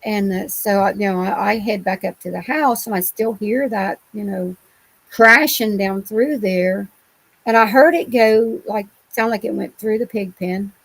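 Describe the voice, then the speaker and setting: Gravelly-voiced woman telling her story. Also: mid-range voice, unhurried, poor audio. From Ohio. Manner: rambling, colloquial, many restarts. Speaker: interview guest. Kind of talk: telling personal encounter stories.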